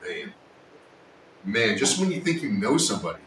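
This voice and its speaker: A man hosting a casual woodworking livestream, chatting and joking with his viewers, sometimes yelling, recorded in a workshop. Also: sing-song, normal speed. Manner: joking, teasing, with sudden yells. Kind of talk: casual live-stream chat with viewers. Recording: echoey room, distant mic, faint rumble.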